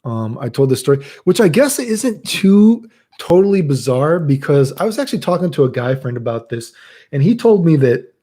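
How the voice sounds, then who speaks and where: Swearing casual man with a mellow voice. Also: a little high, very animated, normal speed. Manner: profane, storytelling, acts out quotes. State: chronically ill. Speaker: channel host. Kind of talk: casual rambling monologue.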